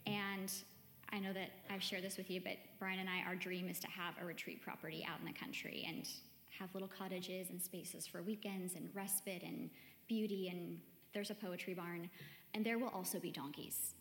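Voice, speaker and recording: A woman's voice: fairly low pitch, steady tone, moderate pace, slight background noise. A woman giving a chatty, conversational sermon to a church gathering, often saying "like". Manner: chatty, warm-hearted, peppered with "like". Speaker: church speaker. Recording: echoey hall with long reverb, faint music.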